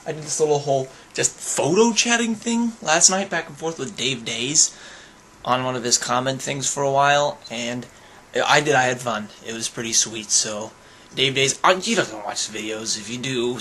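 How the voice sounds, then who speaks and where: A young man talking casually to his handheld camera in a daily vlog, chatty and excitable, breaking into squeals. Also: mid-range voice, normal speed, slight background noise. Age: young adult. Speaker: vlogger. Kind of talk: casual daily video blog. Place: at home, in a car and outdoors on campus.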